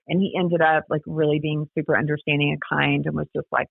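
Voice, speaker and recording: A woman's voice: deep voice, level tone, a little fast, vocal fry, few pauses, husky, no echo. A woman guest telling her story in a chatty, casual way, full of "like" and "you know", heard over a remote call. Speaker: guest, daughter of a scam victim. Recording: tinny phone-line sound.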